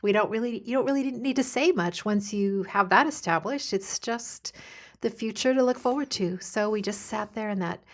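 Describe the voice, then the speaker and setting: A woman co-hosting a podcast, chatting in a soft-spoken, good-humored way. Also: mid-range voice, moderate pace. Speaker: podcast co-host. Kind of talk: casual chat.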